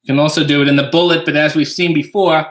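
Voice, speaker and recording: A man's voice: on the high side, fairly even intonation, fast talker, fairly bright tone. A man hosting a casual livestream from his home kitchen, reading viewer donations and tossing off dry, wry jokes while making coffee. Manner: wry, dry joking asides.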